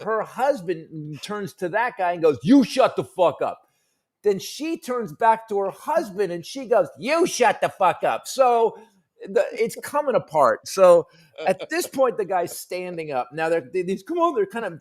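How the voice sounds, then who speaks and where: A middle-aged comedian on a talk panel tells a profane story with punch, his fairly high voice leaping higher and louder when he acts out the people in it. His delivery is animated and conversational. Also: moderate pace. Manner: profane, punchy anecdote telling. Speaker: comedian guest.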